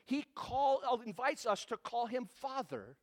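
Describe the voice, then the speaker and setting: A man preaching a sermon as a pastor, animated and conversational, asking the congregation rhetorical questions. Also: extremely high pitch, a little slow. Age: adult parent.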